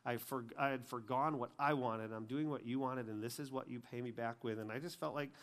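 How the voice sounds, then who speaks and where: A man's voice: medium pitch, fairly even intonation, a little fast. A man sharing an emotional personal testimony in a sermon, speaking earnestly with many fillers and restarts.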